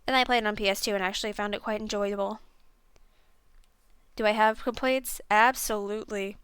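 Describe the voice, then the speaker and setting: Young female streamer, casual rambling review, clear voice, dry close mic. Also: medium pitch, fairly even intonation, fairly quick, a bit bright, dry recording. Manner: rambling, self-deprecating, lots of fillers. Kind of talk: casual game review chat.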